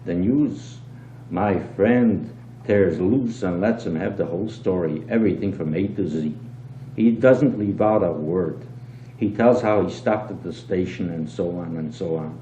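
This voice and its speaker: An older man reading a short story aloud as a lively storyteller, dropping low on asides. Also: a little slow. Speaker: reader. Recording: dull, roomy old home tape with hum.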